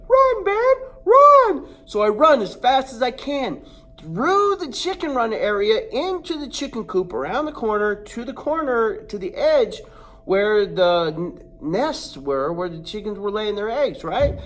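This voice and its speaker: Unhurried and high-voiced, a man shares a humorous personal tale. He performs the sounds and characters animatedly, drawing out the suspense.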